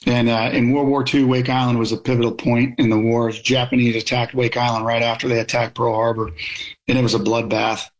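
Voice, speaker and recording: A middle-aged man in a conversational interview, speaking at a moderate pitch. He is blunt and opinionated, and he tells stories from his military service in a plain, direct way. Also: level tone, fairly quick, low-quality recording. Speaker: guest, military officer.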